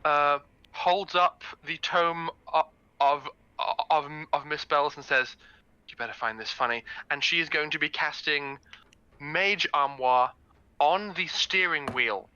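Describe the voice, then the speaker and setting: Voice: medium pitch, slow pace, pushed and bright, clear, resonant tone, no room sound, highs cut off. A player in a tabletop game describing their character's actions, stumbling and repeating words.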